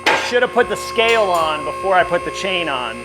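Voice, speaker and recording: A man's voice: high-pitched, animated, brisk, loud music behind the voice. A man hosting a car project video, joking and explaining as he works in a garage. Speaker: host, mechanic. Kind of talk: casual garage chat.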